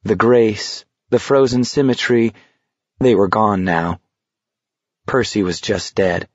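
A man narrating an audiobook in slow, measured storytelling. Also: fairly low pitch, dry recording, muffled recording.

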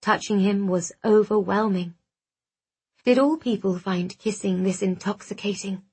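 A woman reads a romance novel in the first person, her voice husky and breathy. She takes her time, unhurried and soft, with an intimate closeness. The dialogue is acted out within the narration. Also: mid-range voice. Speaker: audiobook narrator.

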